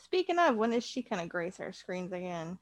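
A woman's voice: lowish voice, very animated, brisk, dry recording. A young woman co-hosting a casual podcast, chiming in with brief, laid-back remarks. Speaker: podcast co-host. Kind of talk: casual chat.

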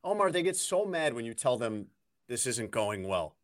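A man's voice: medium pitch, big pitch swings, moderate pace. A man, a sports reporter, talking casually and with strong opinions, and teasing his critics.

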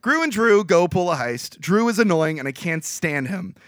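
A man co-hosting a podcast, ranting in casual movie review chat, exasperated and swearing, with quick voiced impressions. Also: sits high, animated, a bit bright, no echo, clean studio sound. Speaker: podcast co-host.

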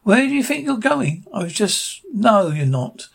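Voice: medium pitch, big pitch swings, a little slow, gravelly, husky, exaggerated voice. A fan reader voicing a pushy male starfish friend in a cartoon retelling.

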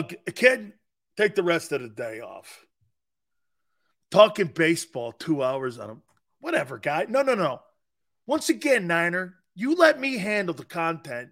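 A male sports talk show host bantering with live chat, teasing and sarcastic, laughing often and repeating himself. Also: sits high. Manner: animated, repeats words and restarts.

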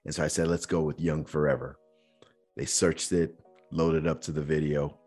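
A man's voice: very deep voice, fairly even intonation, normal speed, pauses often, faint music behind. A man hosting a podcast, earnestly telling a personal story in a reflective way, sometimes using casual slang. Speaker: podcast host.

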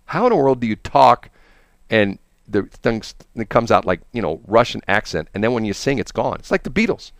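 Male radio host, lively swooping delivery, loose rambling storyteller, dry close sound. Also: lowish voice, no room sound. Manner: rambling, enthusiastic storytelling with many restarts. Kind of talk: casual chat.

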